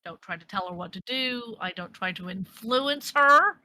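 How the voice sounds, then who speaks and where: A woman voicing a wry, motherly female spirit guardian who talks politely with a dry, gently scolding edge. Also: fairly high pitch, animated, measured pace, no room sound, poor audio. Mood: apologetic.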